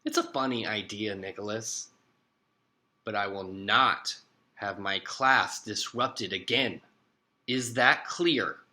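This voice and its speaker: A man's voice: on the low side, bright, forceful tone, full character voice. A man voicing a strict, firm woman teacher in a children's book he reads aloud. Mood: stern. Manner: stern, measured. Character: strict older female teacher, firm and cool.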